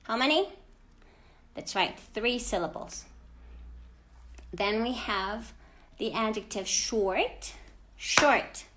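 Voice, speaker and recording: A woman with a fairly high voice teaches a children's grammar lesson at an unhurried pace. She speaks clearly and deliberately, stressing each example word and encouraging her young learners. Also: lively intonation, fairly bright tone. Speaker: English teacher.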